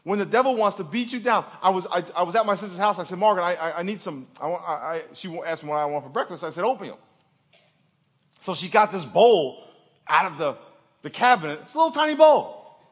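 A pastor with a high-sitting voice preaches quickly, telling stories with animation. He acts out the voices of the people in them and laughs along the way.

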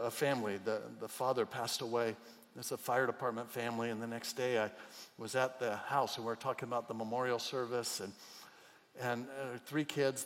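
A middle-aged man preaching in a church hall, his slightly raised voice trailing into a long reverb. He is openly emotional, dropping to near-whispers before building to loud, emphatic peaks. The delivery is that of a pastor pleading with his congregation. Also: fairly high pitch. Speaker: pastor and chaplain. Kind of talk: sermon.

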